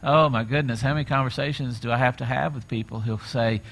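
A middle-aged male pastor preaching a sermon, retelling scenes with lively acted-out quotes. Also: medium pitch, quick pace, gravelly, hardly any pauses. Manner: animated storytelling, acts out quoted voices.

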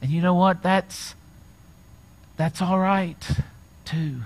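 A middle-aged male pastor preaching a sermon, retelling scenes with lively acted-out quotes. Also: sits high, slow. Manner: animated storytelling, acts out quoted voices.

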